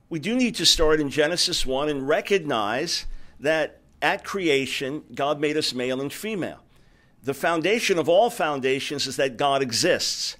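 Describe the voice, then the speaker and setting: Earnest lecturing man, slightly high voice. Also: a bit bright. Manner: earnest and emphatic, often repeats words when starting a phrase. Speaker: radio host giving a policy lecture. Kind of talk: public lecture. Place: lecture before an audience.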